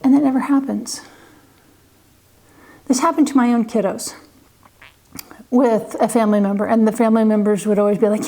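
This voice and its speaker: A woman in her forties talks to camera in a relaxed, chatty way, sharing stories from her years as a teacher and a parent. Her voice sits a little high, and her talk is full of light laughs and "you know"s. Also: moderate pace, pauses often. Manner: acts out what others say in livelier voices. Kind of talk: casual storytelling to camera.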